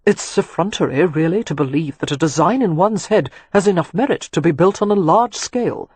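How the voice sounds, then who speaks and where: An audiobook reader voicing a charming, self-assured young nobleman with wry, teasing talk, husky in tone. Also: mid-range voice, lively intonation, a little fast, no room sound. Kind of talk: audiobook character reading.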